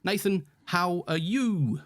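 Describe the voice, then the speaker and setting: A man's voice: sits high, slow pace. A man co-hosting a podcast, chatting playfully and laughing often. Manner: giggly, playful, animated. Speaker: podcast co-host. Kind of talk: casual chat.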